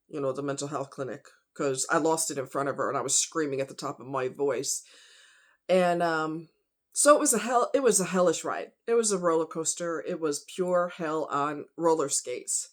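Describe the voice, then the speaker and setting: A woman telling a painful personal story off the cuff, emotional and rambling, with many fillers. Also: deep voice.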